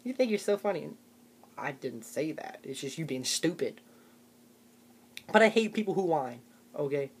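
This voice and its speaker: A man's voice: fairly high pitch, sing-song, moderate pace, long pauses, slight background noise. A young man delivering a sarcastic comedic rant to camera, tagging his points with "okay?". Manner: ranting, sarcastic, tags lines with "okay?". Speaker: vlogger.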